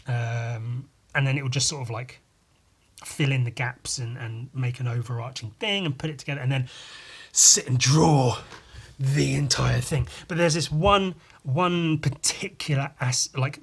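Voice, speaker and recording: A man's voice: medium pitch, a bit bright, breathy edge. A man hosting a podcast, chatting casually and rambling through a story with frequent restarts. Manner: rambling, many fillers and restarts. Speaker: podcast host, comic artist. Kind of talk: casual chat.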